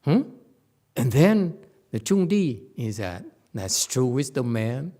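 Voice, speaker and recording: A man giving a casual Buddhist dharma lecture as teacher, animated and joking, repeating words and mimicking voices. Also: mid-range voice, slow. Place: temple lecture hall.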